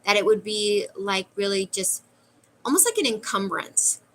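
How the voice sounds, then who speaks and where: A woman's voice: medium pitch, expressive, moderate pace, a bit bright, poor audio. A middle-aged woman giving a channeled spiritual talk in a musing way, with frequent "like" fillers. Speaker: spiritual reader.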